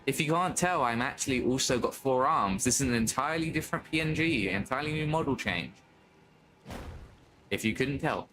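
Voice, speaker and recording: A man's voice: medium pitch, expressive, a little fast, pushed and bright, rough recording. A young British man chatting casually to his stream chat while playing a game, swearing now and then and greeting viewers. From Britain. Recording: faint background noise.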